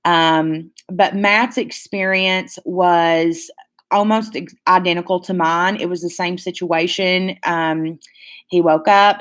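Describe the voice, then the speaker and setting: Young woman swearing through a storytime. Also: lowish voice. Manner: profane, animated storytelling with many "like"s. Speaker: channel host. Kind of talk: casual storytime.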